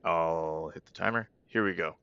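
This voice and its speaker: A man's voice: low-pitched, normal speed, gravelly, pushed and bright, dull audio. A man hosting a let's-play, chatting casually with wry, self-aware asides. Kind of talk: casual game commentary.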